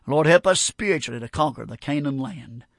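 Male preacher, fairly high voice, emphatic folksy sermon delivery, dry recording. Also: expressive, a little fast, vocal fry, no room sound. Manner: emphatic, folksy, swings from loud exhortation to quiet prayer.

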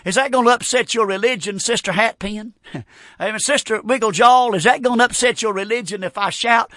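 A man preaching a fervent, folksy revival sermon, breaking into shouts. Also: sits high, a little fast, dry recording, studio quality. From North Carolina. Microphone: broadcast on radio.

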